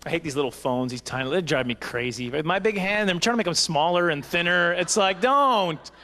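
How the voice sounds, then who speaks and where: A man's voice: high-pitched, animated, fairly quick, bright, forceful tone. A man performing a rambling, self-mocking stand-up comedy set at a banquet, jumping into silly voices. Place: banquet hall stage.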